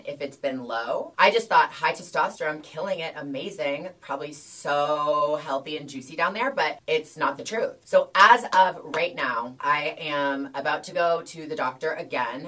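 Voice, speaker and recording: A woman spilling a candid storytime for her vlog, rambling and animated, with "like" in nearly every phrase. Her voice sits low for a woman but comes across bright and forceful. She keeps the humor frank and self-mocking. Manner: chatty, animated, heavy use of "like". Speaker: vlogger. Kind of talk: casual storytime.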